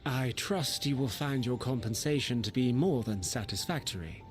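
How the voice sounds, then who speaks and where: A man's voice: medium pitch, a little hiss or hum, lightly acted. A man voicing a composed formal official. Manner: formal, measured.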